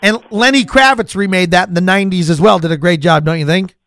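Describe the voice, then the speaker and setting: A man's voice: high-pitched, fast, fairly bright tone, dry recording, clean studio sound. A male radio host from North Dakota, chatty and jokey, who laughs often while interviewing a guest. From North Dakota, USA.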